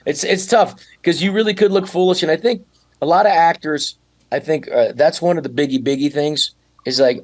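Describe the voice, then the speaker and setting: A man talking as a podcast guest in a rambling, animated way, with frequent restarts. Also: on the high side, a little fast. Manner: animated, rambling, slips into mock accents. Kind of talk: casual podcast chat.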